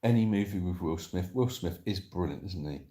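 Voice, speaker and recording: A man's voice: deep voice, animated, a little fast, mellow. A man hosting a casual live stream from his sofa at home, rambling about films as he reads viewers' comments aloud and answers them.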